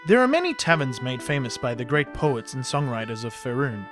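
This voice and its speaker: A man reading scripted fantasy narration in a measured storytelling manner. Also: mid-range voice, big pitch swings. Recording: narration over soft fantasy music.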